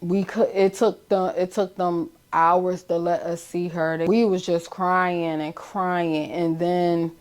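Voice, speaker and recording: A middle-aged woman with a Philadelphia accent, a bereaved mother giving a halting, emotional account in a documentary interview, with many restarts. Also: on the low side, little pitch movement.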